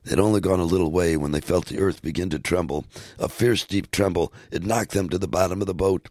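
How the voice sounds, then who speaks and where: A man reading a storybook aloud in a measured, steady way. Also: deep voice, no echo, clean studio sound. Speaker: narrator.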